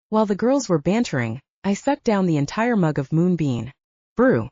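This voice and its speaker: A woman narrating a first-person audiobook in a steady, even reading. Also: lowish voice, moderate pace, no echo, lo-fi sound.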